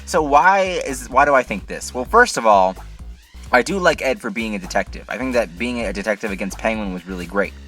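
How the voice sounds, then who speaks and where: A man's voice: lowish voice, animated, brisk, fairly bright tone, faint music behind. A man hosting his own video review channel, complaining in an exasperated, incredulous way with many rhetorical questions. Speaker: TV episode reviewer, channel host. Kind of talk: casual ranting review.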